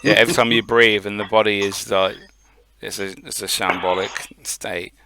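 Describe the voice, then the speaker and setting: A man co-hosting a podcast in casual chat, blunt and quick with jokes, swearing freely. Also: fairly low pitch, steady tone, bright, forceful tone. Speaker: podcast co-host.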